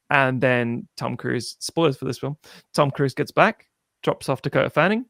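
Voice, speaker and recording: A man in casual film chat, animated, swearing freely and mimicking people as he tells a story. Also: mid-range voice, normal speed, vocal fry, no room sound, studio quality. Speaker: podcast co-host.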